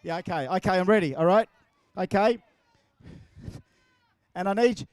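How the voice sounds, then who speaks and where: An Australian man emceeing at an outdoor racetrack, joking and teasing the crowd. His voice sits fairly high, and the sound is dry and close. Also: normal speed, long pauses, clean tone, dry recording. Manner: jokey, playful, teasing. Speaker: event MC. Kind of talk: crowd banter at a live event. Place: outdoor drag racing track.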